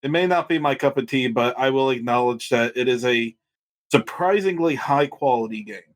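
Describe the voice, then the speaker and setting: A man co-hosting a casual gaming podcast, measured and fair, with hesitant restarts. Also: medium pitch. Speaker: podcast co-host.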